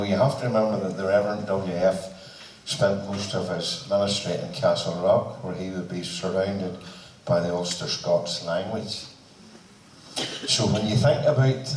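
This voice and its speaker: A man's voice: deep voice, a little mellow, a little hiss or hum. A man with a Northern Irish accent compering a band concert, chatty and teasing as he tells stories between introductions. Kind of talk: joking stage introductions. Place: concert hall. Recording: echoey hall from far off.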